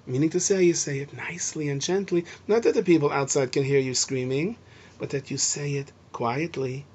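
A man explaining Mishnah to students, lively and acting out the lines he quotes. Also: on the high side, normal speed, husky. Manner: animated, acts out shouting and gentle speech. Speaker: Torah teacher. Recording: dull lo-fi recording.

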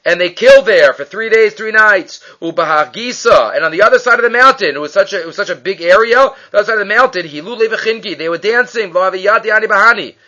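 Lively, high-voiced man teaching Talmud. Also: fast talker, hardly any pauses. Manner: reads Aramaic lines then translates, animated storytelling. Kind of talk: daily page study lesson. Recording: dull lo-fi recording.

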